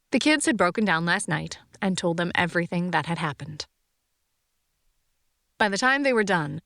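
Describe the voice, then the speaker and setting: Gravelly low-voiced woman narrating. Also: a bit bright, no echo, studio quality. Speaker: audiobook narrator. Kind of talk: scripted audiobook narration.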